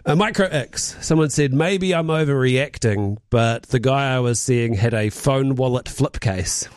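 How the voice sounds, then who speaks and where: A man's voice: medium pitch, unhurried, smooth. A man co-hosting a radio show in casual banter, teasing and reading listener comments aloud. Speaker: radio co-host.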